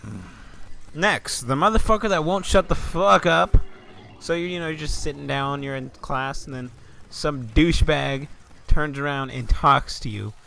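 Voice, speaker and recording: A man's voice: on the high side, measured pace, gravelly, bright, forceful tone, a little hiss or hum. A young man ranting in a comedic vlog, swearing often and stammering into exasperated outbursts. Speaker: vlogger.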